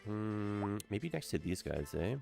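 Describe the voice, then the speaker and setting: A man's voice: lowish voice, very animated, measured pace, creaky, a little mellow, soft background music. A young man chatting casually while live-streaming a city-building game, upbeat and full of "like" and "eh?".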